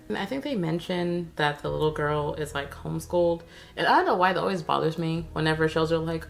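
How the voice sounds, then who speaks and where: A woman's voice: deep voice, a little fast, vocal fry. A woman giving a casual, sarcastic recap of a TV episode, chatty and full of slang. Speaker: TV recap vlogger.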